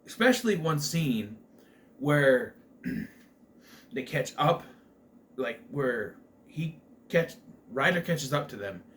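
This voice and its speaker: A man's voice: mid-range voice, sing-song, slow pace, long pauses, fairly bright tone, a little hiss or hum. A man giving a casual spoken film review, rambling, with many fillers and restarts.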